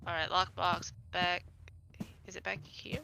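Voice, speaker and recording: A woman chatting casually and quickly with friends during a co-op game, cracking puns as she plays. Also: fairly low pitch, little pitch movement, creaky, sharp tone, slight background noise. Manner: chatty, quick, punny banter. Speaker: gamer. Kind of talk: casual co-op gaming chat.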